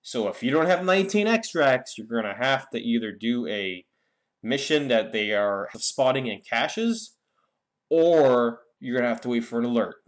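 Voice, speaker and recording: A man's voice: medium pitch, expressive, measured pace. A young man giving a casual, rambling game guide with many fillers and restarts. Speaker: gaming YouTuber.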